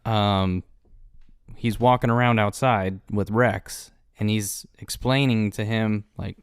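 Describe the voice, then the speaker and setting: A man's voice: lowish voice, steady tone, slow, clean tone, no echo, clean studio sound. A man co-hosting a casual podcast, talking through a movie in a laid-back way with fillers and laughs. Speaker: podcast co-host.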